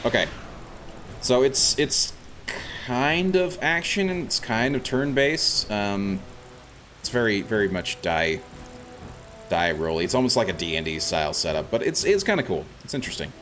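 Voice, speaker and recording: Male streamer, deep voice, loose chatty commentary, reads game text aloud, curses at setbacks. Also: lively intonation, normal speed, fairly bright tone, faint music behind. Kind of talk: casual gameplay commentary.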